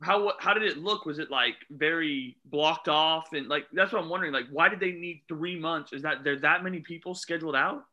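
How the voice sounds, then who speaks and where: Teasing co-host, high bright male voice, quick reactive chatter. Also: muffled recording. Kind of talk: casual chat.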